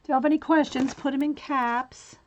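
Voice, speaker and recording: Chatty lady crafting on a livestream, bit high voice, camera mic on the desk, faint hiss. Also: fairly even intonation, a little fast, muffled recording. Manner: chatty, talks to herself while cutting, greets viewers by name. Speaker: livestream host making art cards. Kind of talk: casual livestream chat while crafting. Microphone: camera mic set low on the desk.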